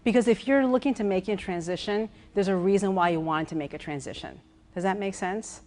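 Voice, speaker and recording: A woman executive coach giving a lively workshop talk, walking around as she speaks, repeating words and checking in with her listeners. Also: medium pitch, a little fast. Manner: walks around while speaking.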